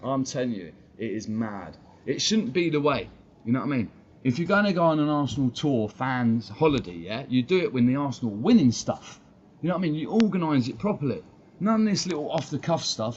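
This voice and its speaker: A man's voice: mid-range voice, lively intonation, brisk. A man ranting bluntly on a live fan stream, swearing and combative. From England. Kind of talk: heated live-stream rant. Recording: dull lo-fi stream audio, faint background noise.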